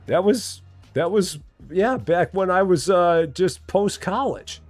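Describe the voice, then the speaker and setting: A man in his forties streaming a game live, chatting with viewers in a lively, joking way at a desk mic. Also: high-pitched, takes it slowly, faint music behind. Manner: lively, talking to chat, jokingly challenging; hums and scats while working. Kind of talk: live gameplay chat.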